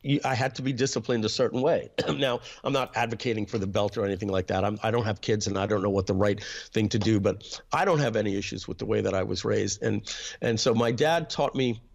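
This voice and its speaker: A man being interviewed, reflectively telling family stories about his upbringing and often clearing his throat. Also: on the low side, quick pace. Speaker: interview guest, internet marketer. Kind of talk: personal storytelling in an interview.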